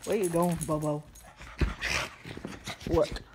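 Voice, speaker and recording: A home vlogger speaks at an easy, drawn-out pace into a phone camera. The voice keeps breaking into excited high baby talk for the dog. The phone recording carries a clear layer of background noise. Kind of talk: casual home vlog. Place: home living room with pets. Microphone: phone camera held sideways.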